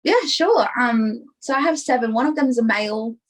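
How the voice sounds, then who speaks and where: Candid young woman, slightly high voice. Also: lively intonation, moderate pace, low-quality recording. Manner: candid and rambling, full of "like" and "you know". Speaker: podcast guest. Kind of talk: casual interview chat.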